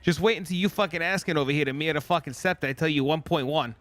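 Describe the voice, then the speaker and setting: A man's voice: on the high side, racing, a bit bright, dry recording, voice pushed down, natural voice. A man putting on a pushy, profane New Jersey mobster voice. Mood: mocking. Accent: put-on New Jersey. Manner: profane, bullying, rhetorical questions. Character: brash Jersey mobster type, pushy and tough.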